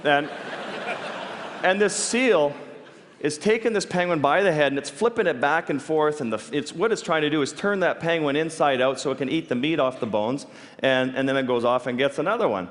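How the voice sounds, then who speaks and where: Brief: animated male speaker, fairly high voice, restarts mid-sentence, long hall reverb. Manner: animated, halting restarts, quick to laugh. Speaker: speaker telling stories. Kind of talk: storytelling talk on stage.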